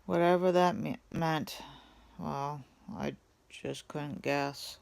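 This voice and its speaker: A woman reading a storybook aloud in first person, softly and ruefully. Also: low-pitched, fairly even intonation, slow, creaky. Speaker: reader. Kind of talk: storybook read-aloud narration.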